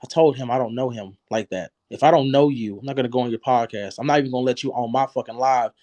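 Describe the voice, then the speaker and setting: A man's voice: mid-range voice, steady tone, quick pace, dark tone, no room sound. Blunt, profane man arguing on a livestream. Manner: blunt, profane and insistent, cuts in to finish his point. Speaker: livestream host. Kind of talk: heated livestream argument.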